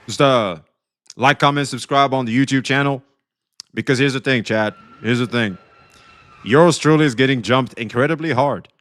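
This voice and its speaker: A young adult man streaming live, talking casually to his chat, swearing freely, swinging between excitement and quiet emotion. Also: mid-range voice, moderate pace. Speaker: livestreamer.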